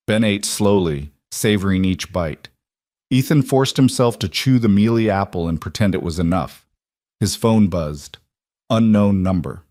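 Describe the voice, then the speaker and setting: Man, low voice, steady story narration, dry close sound. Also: unhurried, no room sound.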